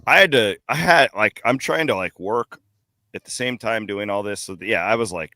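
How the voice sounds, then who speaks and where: A man with a fairly low, bright, forceful voice tells his travel stories in lively, casual podcast chat. He laughs along with his own tales. The sound is dry and close. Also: normal speed, no echo. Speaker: podcast co-host. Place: airport bar.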